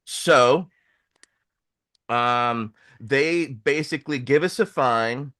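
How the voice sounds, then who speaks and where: A man hosting a show, telling a long story in a casual, animated way, acting out the voices of people he quotes. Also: mid-range voice, drawn-out words. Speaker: host.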